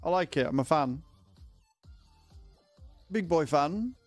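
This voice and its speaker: Slow-talking man streaming gameplay. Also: on the high side, animated, dry recording. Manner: chatty, joking, swears casually. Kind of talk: casual gameplay livestream commentary. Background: faint music.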